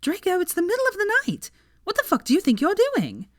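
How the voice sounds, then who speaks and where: A woman voicing an exasperated, alarmed young woman in a fan fiction reading, pitched up and pleading. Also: huge pitch swings, normal speed, no echo, clean studio sound. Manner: shrill, pleading.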